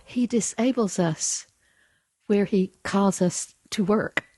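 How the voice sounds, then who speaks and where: A woman hosting a Christian podcast, talking in a slow, teaching way. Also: mid-range voice, a little mellow, dry recording. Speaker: podcast host.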